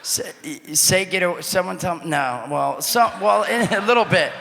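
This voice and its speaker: A man co-hosting a live podcast, a goofy, giggly talker who keeps breaking into shouted bits. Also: sits high, animated, unhurried, gravelly. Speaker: podcast co-host. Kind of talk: casual live chat. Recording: hall reverb, faint room noise.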